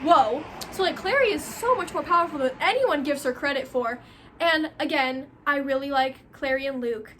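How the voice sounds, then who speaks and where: A young woman chatting casually about a book she loves, gushing and animated, packing her talk with "like.". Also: high voice, moderate pace, a little hiss or hum. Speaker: book vlogger. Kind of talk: casual book review chat.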